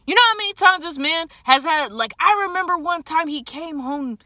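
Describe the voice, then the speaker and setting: Furious woman ranting, high bright voice. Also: expressive, normal speed, dry recording, studio quality. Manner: furious, profane and emphatic; repeats phrases for stress. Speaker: streamer and vlogger. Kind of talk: unscripted angry rant to camera.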